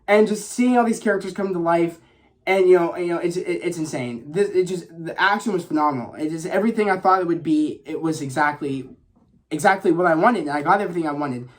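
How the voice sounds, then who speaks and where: Excitable rambling young man. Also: a little high, fast talker. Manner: excited, rambling, frequent fillers and profanity. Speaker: vlogger reviewing a movie. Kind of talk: casual spoken movie review.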